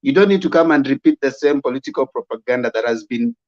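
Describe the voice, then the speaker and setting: A man hosting a debate, calmly lecturing a caller on how to debate and smoothing things over. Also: medium pitch, fast. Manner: calm, lecturing, conciliatory. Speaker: host. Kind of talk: moderating a debate. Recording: dull lo-fi sound.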